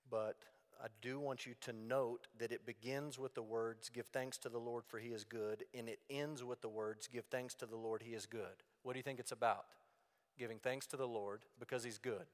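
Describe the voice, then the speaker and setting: A man teaching from the Bible in a plain-spoken, emphatic way, hitting key words hard and dropping low for asides. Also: fairly even intonation, moderate pace. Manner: plain-spoken and emphatic, with sudden loud stresses and quiet asides. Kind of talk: sermon-style Bible teaching. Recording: long reverb of a large hall.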